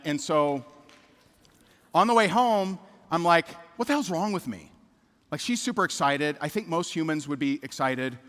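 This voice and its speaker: A man's voice: medium pitch, fairly bright tone. A middle-aged man giving a motivational speech, telling a personal story with candid repetition and asking the audience questions. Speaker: keynote speaker. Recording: reverberant hall.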